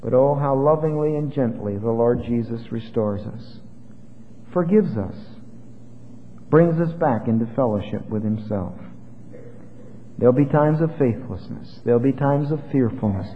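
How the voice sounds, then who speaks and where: A man preaching a sermon, swinging between loud exhortation and soft hushed asides, quoting scripture in old-style wording. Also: mid-range voice. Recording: tinny phone-like sound with long hall reverb and faint hiss.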